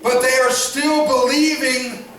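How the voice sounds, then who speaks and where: A high-pitched, bright-toned man preaches with animated energy, acting out the voices of the people in his story. He keeps calling on the congregation to answer him. He is miked from a distance in a very echoey church hall. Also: unhurried. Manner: animated preaching, acts out voices, calls for response. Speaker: pastor. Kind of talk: sermon. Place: church sanctuary.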